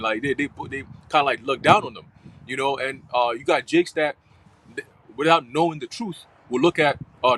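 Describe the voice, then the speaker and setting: A man's voice: fairly high pitch, a bit bright, husky, low-quality recording. A man giving a live church teaching in casual, slangy, profane talk full of fillers. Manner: slangy and profane, heavy fillers like "you know what I'm saying". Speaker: church speaker.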